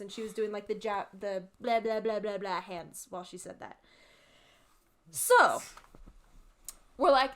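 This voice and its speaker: A woman's voice: mid-range voice, a little slow, pauses often. A woman hosting, casually telling a long anecdote with fillers and frequent laughs while playing a game. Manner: animated, laughs often, fillers. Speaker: host. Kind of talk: casual storytelling while gaming.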